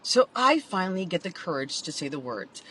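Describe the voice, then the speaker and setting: A woman's voice: on the low side, sing-song, moderate pace, fairly bright tone, breathy edge, poor audio. A woman telling her own story in a candid vlog, emotional and confessional, with lots of "like".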